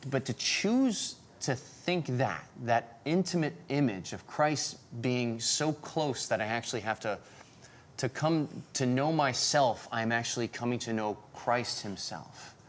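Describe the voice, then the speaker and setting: Male co-host, mid pitch, reflective, halting, heavy on fillers. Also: lively intonation. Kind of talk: conversational interview.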